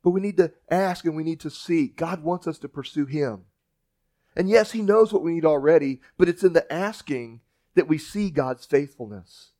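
Male pastor, folksy sermon delivery, somewhat high voice, conversational restarts. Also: expressive, moderate pace, dark tone. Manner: folksy storytelling preacher with restarts.

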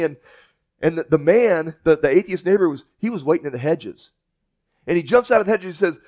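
Folksy preacher man with a higher voice. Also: animated, a little fast, darkish tone. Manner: folksy storytelling preacher with restarts. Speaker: pastor. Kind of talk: sermon.

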